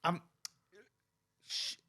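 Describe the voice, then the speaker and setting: A man's voice: extremely slow, sharp tone. A middle-aged man hosting a casual chat, asking eager questions full of trailing asides. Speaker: host.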